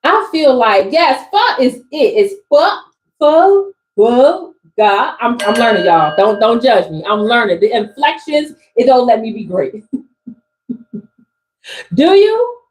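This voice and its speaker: Woman, East Coast accent, high voice, slangy and emphatic, live tarot reading. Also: a little slow, slight background noise, low-quality recording. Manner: animated and emphatic, repeats phrases, slangy. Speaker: spiritual coach reading tarot for a live audience.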